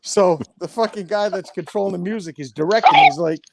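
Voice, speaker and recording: A man's voice: high voice, brisk, vocal fry. A middle-aged man telling a long, profane story in casual chat, rambling with many restarts. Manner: rambling, swears often, restarts. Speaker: storyteller guest.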